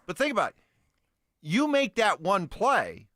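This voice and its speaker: A middle-aged former lineman co-hosting sports radio, his voice bright and forceful. His pitch leaps all over the place as he presses his points, and the studio sound is close and dry. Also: dry recording. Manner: animated, emphatic, quick to laugh. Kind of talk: morning sports talk radio.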